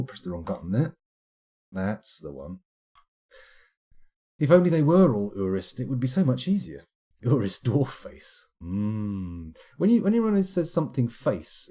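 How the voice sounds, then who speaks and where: A man's voice: mid-range voice, mellow, slightly rough. A middle-aged British man streaming a game live, chatting in a rambling, self-deprecating way as he plays and reads out comments.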